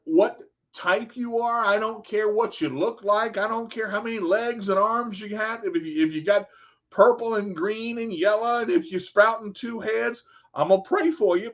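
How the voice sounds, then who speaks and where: A man's voice: sits high, muffled recording. A man hosting a radio show, giving an earnest, rambling motivational monologue with repeated words.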